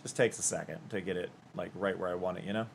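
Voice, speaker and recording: A man's voice: low voice, fairly even intonation, fast, gravelly, a little hiss or hum. A man streaming live and chatting casually, rambling and chatty, with hums and half-sung bits.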